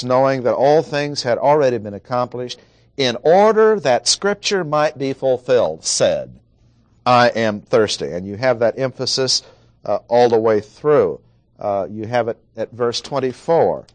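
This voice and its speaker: A male preacher giving an expository sermon, deliberate and emphatic, repeating his key points. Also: mid-range voice, expressive, dry recording.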